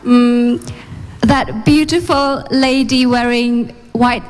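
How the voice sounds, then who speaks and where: A woman co-hosting a live English class, speaking in a gentle, encouraging way. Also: on the high side, steady tone, slow pace, soft background music.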